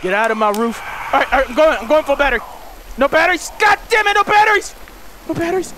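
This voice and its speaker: A young man giving frantic, cursing commentary while playing a horror game and yelling at the monsters. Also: extremely high pitch, animated, racing, slight background noise. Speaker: gaming video host.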